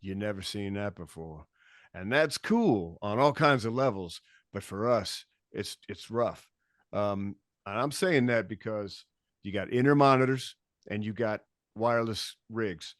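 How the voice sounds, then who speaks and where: A man with a lowish voice telling backstage stories as a podcast guest, loose and animated, swearing freely and acting out what people said. The sound is close and dry, with no room around it. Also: a little slow, dry recording. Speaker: podcast guest, bass tech. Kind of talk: casual storytelling chat.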